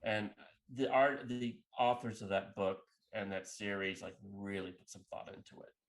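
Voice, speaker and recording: A man co-hosting a casual podcast chat, speaking in a thoughtful, measured way. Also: lowish voice. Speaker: podcast co-host.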